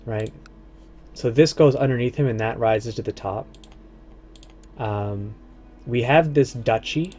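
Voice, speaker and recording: A man streaming a strategy game, casually thinking aloud and muttering to himself, his words often trailing off low. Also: slow, long pauses, a little mellow, slight background noise.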